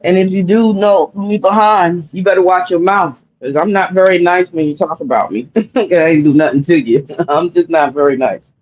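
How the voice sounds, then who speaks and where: Expressive higher-voiced man, dull audio. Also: normal speed. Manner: expressive, laughs often, drawling asides. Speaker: podcast co-host. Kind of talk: casual chat.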